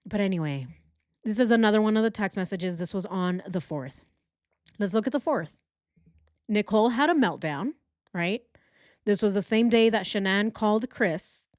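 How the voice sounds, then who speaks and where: A woman's voice: mid-range voice, expressive, moderate pace, long pauses, a little mellow, no echo, clean studio sound. A woman hosting a true crime commentary, sarcastic and exasperated as she goes through evidence. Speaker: true crime channel host.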